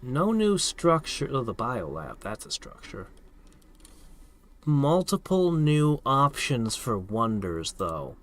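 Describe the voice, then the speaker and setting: A man's voice: medium pitch, fairly bright tone, a little hiss or hum. A man casually thinking aloud as he plays a strategy game, reacting to each turn. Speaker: gameplay streamer. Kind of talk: casual let's-play commentary.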